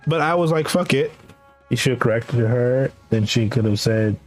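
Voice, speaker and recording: A young man streaming, telling a rambling, animated story in casual chat and laughing often. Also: mid-range voice, normal speed, soft background music. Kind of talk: casual chat while gaming.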